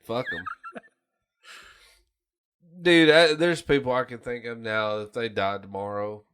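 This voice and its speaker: A man's voice: medium pitch, steady tone, measured pace, fairly bright tone, a little hiss or hum. A man co-hosting a podcast, telling stories in a profane, rambling way. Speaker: podcast co-host. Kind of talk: casual chat.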